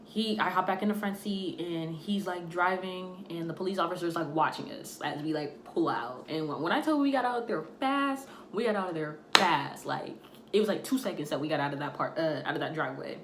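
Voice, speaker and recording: A young woman telling a storytime tale in a casual, animated way, acting out the voices of the people in it. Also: low-pitched, brisk. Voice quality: animated, acts out quoted voices. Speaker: storytime vlogger. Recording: echoey room, faint noise.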